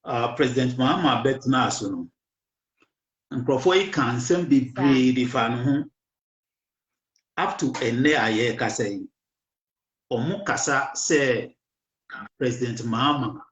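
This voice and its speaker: A Ghanaian man with a hoarse voice hosts a talk show in a slow, halting way, dropping English words in as he goes. His voice sits in a middle register. The recording is dull and echoey, as if made in a bare room. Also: mid-range voice. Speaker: radio show host. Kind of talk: casual political talk.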